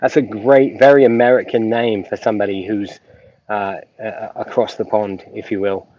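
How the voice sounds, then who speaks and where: Low-voiced man chatting on a live stream. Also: steady tone, normal speed, dark tone, no echo. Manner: rambling, lots of ums, chatty with viewers. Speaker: YouTube reaction channel host. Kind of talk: casual live stream chat. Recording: dull lo-fi sound with faint noise.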